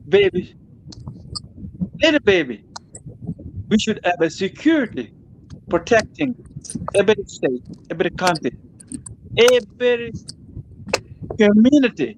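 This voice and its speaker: A man's voice: high voice, slight background noise, low-quality recording. A man, a guest in an online interview, making a grieving, impassioned plea that circles back on its words. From South Sudan.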